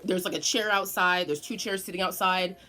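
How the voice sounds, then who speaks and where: A young woman telling a personal story in a casual vlog, animated and swearing often. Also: on the low side, a little fast, faint music behind. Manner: animated, profane, dramatic storyteller. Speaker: vlogger.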